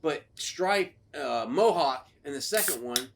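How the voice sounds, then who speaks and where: A man co-hosting a podcast, chatting casually and excitedly about old films, swearing often and acting out scenes in quick put-on voices. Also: a little high, creaky, background noise. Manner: excited, profane, acts out film scenes in voices. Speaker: podcast co-host. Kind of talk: casual chat.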